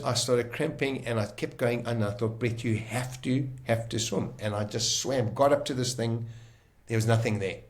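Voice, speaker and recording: A man telling his own survival story in casual talk, vivid and emotional, often pausing and restarting. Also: fairly low pitch.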